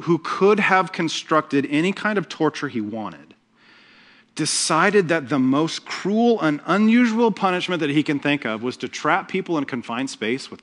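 A pastor with a fairly high-pitched voice preaches a sermon, telling the story with humor and lively asides.

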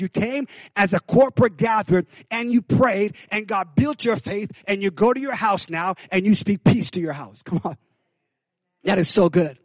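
Pastor, male, higher voice, preaching with call-outs to the room. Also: no echo. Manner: swings from hushed to loud. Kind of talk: sermon.

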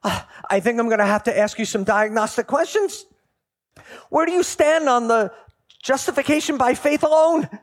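A man's voice: very high voice, normal speed, pitched above the performer's own voice. A man doing a prim, officious supervisor angel. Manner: prim, questioning like an examiner.

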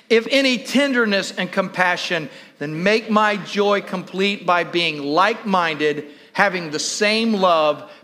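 A male pastor preaching a sermon to his church, animated and repeating questions to the congregation. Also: high-pitched.

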